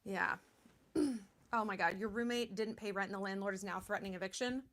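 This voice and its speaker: This livestream host is a woman in her thirties running a charity stream, and she talks casually in a chatty, blunt manner packed with fillers. Her medium-pitched voice is a bit bright and brisk.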